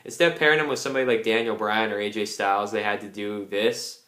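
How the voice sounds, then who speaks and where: A man's voice: on the low side, steady tone, fast talker, fairly bright tone. A young man giving a casual, angry ranting review, swearing a lot. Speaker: wrestling reviewer. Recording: roomy echo.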